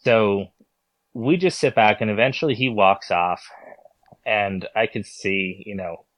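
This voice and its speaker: Low-voiced man telling a hunting story. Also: measured pace, fairly bright tone, no room sound. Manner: stumbles and repeats words while recounting a story. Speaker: podcast guest, hunter. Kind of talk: storytelling in a podcast interview.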